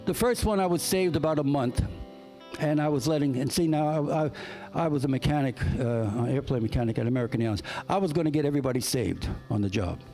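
Earnest preaching man over soft guitar. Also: a little high, animated, fast talker. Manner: earnest, emphatic, repeats key phrases. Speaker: pastor. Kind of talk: sermon with personal stories. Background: soft guitar music.

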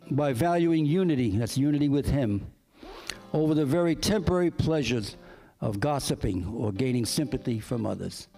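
A man's voice: on the high side, gravelly. A man preaching a sermon, earnest and emphatic, repeating his key phrases as he tells personal stories. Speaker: pastor. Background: soft guitar music.

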